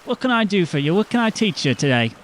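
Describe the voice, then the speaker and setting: A woman's voice: fairly low pitch, big pitch swings, fast talker, slight background noise, voice pushed up. A man voicing a young half-elf woman teacher who talks in a folksy, rustic way. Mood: cheery. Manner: folksy, cheery with a rustic twang.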